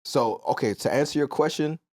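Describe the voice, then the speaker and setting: A young man co-hosting a casual podcast, relaxed, affirming the others and cracking jokes. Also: on the high side, brisk, no echo, studio quality. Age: young adult. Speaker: podcast co-host.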